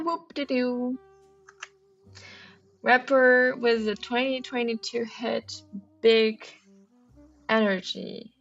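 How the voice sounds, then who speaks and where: A woman livestreaming a crossword solve, reading clues aloud and musing over answers with many hesitant ums. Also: medium pitch. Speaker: streamer solving a crossword. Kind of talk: thinking aloud while solving. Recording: dull lo-fi recording. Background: faint background music.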